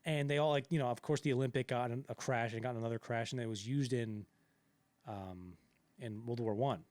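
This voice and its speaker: A man's voice: medium pitch, fairly quick, a little mellow, no room sound. A man co-hosting a casual podcast about a film, rambling with lots of fillers and restarts. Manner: rambling, many fillers and restarts, acts out quotes. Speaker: podcast co-host.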